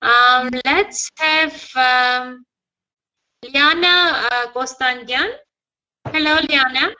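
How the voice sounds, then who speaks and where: Over a video call, a woman teaches an online English lesson in a high voice with a bright, crisp edge and drawn-out words. She guides her students patiently, offering steady encouragement as she corrects them, though the audio is poor.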